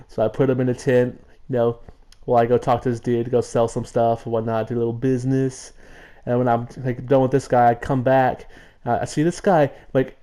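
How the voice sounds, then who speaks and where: A man's voice: mid-range voice, flat delivery, brisk, mellow, smooth. A man casually narrating his game footage in a rambling way, full of fillers and chuckles. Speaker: gameplay narrator. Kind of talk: casual let's-play commentary.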